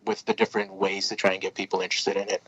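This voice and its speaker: A man's voice: sits low, flat delivery, very fast, a bit bright, breathy edge, no room sound, highs cut off. A man talking casually as a podcast guest and comic creator, laid-back and rambling with lots of filler words. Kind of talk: casual chat.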